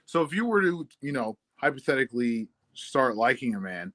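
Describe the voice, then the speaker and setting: A man on a casual livestream teases others with crude jokes and sounds exasperated. His tone is bright and forceful. The sound is dry and close, with no room around it. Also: medium pitch, sing-song, normal speed, dry recording.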